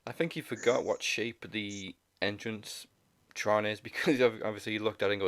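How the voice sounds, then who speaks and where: A man's voice: on the low side, steady tone, normal speed, fairly bright tone, no echo. A man co-hosting a wrestling podcast, chatting in a laid-back way and laughing often. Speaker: podcast co-host. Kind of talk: casual chat.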